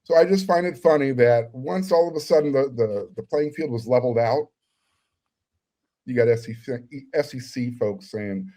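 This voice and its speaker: Guy with a mellow dark voice, dry sardonic take on a sports podcast. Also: medium pitch, normal speed. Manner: wry, sardonic commentary. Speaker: podcast co-host. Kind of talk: casual sports talk.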